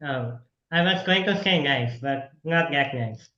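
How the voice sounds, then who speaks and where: A man's voice: fairly high pitch, measured pace, echoey room, muffled recording, noisy background. A man interviewing a guest over a video call in a casual, chatty way, laughing often and encouraging the guest.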